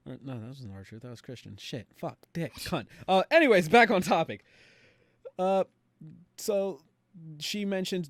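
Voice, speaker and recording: A young man on a podcast, animatedly retelling a show with quick voiced quotes. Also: fairly high pitch, no room sound. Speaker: podcast co-host. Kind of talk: casual recap chat.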